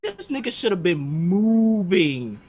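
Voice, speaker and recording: Podcast co-host, male, a bit high-pitched; heated, sarcastic, profane rant. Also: very animated, slow, darkish tone, rough recording. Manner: heated, sarcastic, swears constantly. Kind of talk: profane ranting anime recap.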